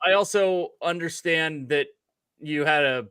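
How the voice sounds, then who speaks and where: Bright, smooth-voiced teasing man. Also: a little high, a little slow, no room sound. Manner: playful, teasing. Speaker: podcast co-host. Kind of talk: casual chat.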